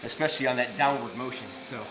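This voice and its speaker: A man's voice: mid-range voice, fast, over music, low-quality recording. A man coaching a live gym workout, breathless between sets, explaining technique. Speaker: fitness coach.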